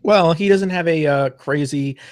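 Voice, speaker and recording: A man's voice: on the high side, unhurried. A man co-hosting a podcast, chatting casually and enthusiastically about a movie, rambling like a fan. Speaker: podcast co-host.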